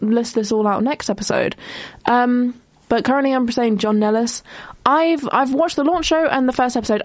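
A young woman hosting a casual solo podcast, chatty and rambling with quick asides and frequent self-interruptions. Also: a little high, no echo. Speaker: podcast host.

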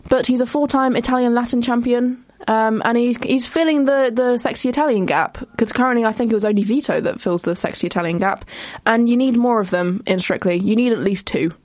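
A young woman hosting a casual solo podcast, chatty and rambling with quick asides and frequent self-interruptions. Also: a little high, darkish tone, no room sound. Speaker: podcast host.

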